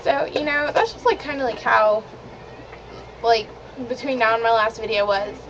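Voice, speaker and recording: A teenage girl talks straight to her webcam, chatty and indignant, her voice sitting a little high. The built-in mic sounds dull and lo-fi, with a clear hiss underneath. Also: moderate pace. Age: teens. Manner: chatty, indignant, many "like" fillers. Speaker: vlogger. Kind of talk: casual chat to camera.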